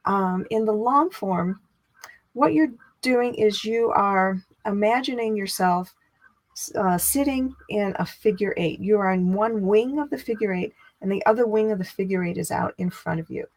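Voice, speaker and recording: A middle-aged woman giving a teaching talk as a spiritual teacher. She talks in a chatty, expressive way and lifts her voice when she acts out inner dialogue. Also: mid-range voice, normal speed.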